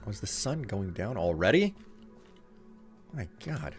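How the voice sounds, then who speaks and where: A man's voice: on the low side, big pitch swings, a little slow, soft background music. A man streaming a game live, chatting with viewers in a loose, rambling way full of fillers and restarts. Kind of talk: casual chat while streaming a game.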